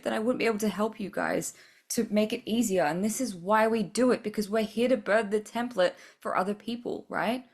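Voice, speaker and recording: A woman's voice: medium pitch, brisk. A woman hosting a spiritual podcast, giving a blunt, profane tough-love pep talk with frequent laughs. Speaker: podcast host.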